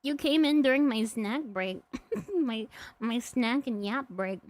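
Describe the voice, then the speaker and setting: A woman's voice: fairly high pitch, expressive, slow, a little mellow, no room sound. A woman streamer chatting casually and rambling, laughing often and snacking as she talks. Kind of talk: casual live-stream chat.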